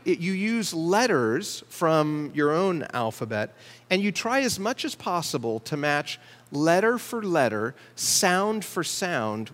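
Man preaching in a reverberant hall. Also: on the high side. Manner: measured teaching, slows to stress key words. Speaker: pastor. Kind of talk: sermon.

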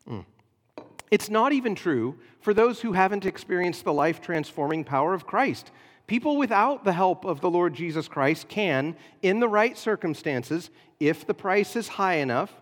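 Earnest man preaching in a reverberant hall. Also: a little high. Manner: earnest, explanatory, frequent "uh" fillers. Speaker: pastor. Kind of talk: sermon.

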